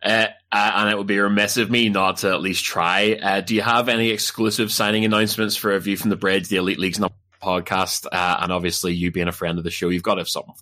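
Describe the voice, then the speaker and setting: A man's voice: deep voice, little pitch movement, quick pace, sharp tone. A man hosting a podcast, asking questions in a playful, teasing way. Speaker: podcast host. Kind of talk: casual podcast interview.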